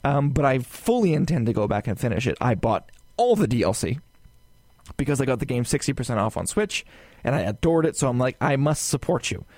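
A man co-hosting a casual podcast, rambling along with plenty of fillers and side remarks. His voice sits at a middling pitch. The recording is dry and close, with no room sound. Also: fairly quick, no room sound. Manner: rambling and animated, many fillers and asides. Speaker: podcast co-host. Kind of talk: casual gaming podcast chat.

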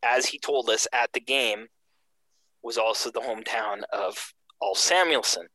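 Bright-voiced man telling a story. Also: medium pitch, measured pace, no echo, poor audio. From Canada. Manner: animated, acts out quoted voices. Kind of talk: casual storytelling.

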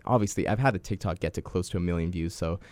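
A man's voice: low-pitched, fast talker, a little mellow, dry recording. A young man in his twenties co-hosting a podcast, telling rambling stories in casual chat, full of fillers and restarts. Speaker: podcast co-host.

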